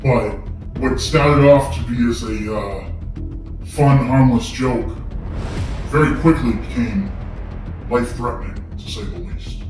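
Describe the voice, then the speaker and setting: A man's voice: mid-range voice, unhurried, pauses often, darkish tone. A man in a comedic mock-documentary interview, recounting events earnestly with dramatic understatement. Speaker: league member. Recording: very echoey, distant mic, music behind. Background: music.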